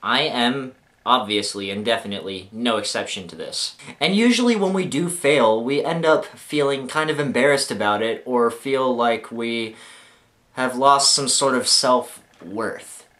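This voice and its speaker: A young adult man vlogging, telling comic stories about his own mishaps in a jokey, self-mocking and animated way. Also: mid-range voice, measured pace. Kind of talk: comic storytelling to camera.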